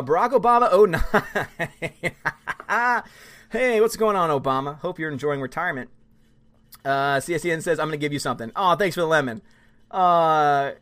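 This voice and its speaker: A man hosting a live stream, reading viewer comments aloud and chatting about films in a fast, gushing, excitable way. He is a student who also does musical theater. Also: fairly high pitch. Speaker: livestream host reading chat. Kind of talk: casual live-stream chat.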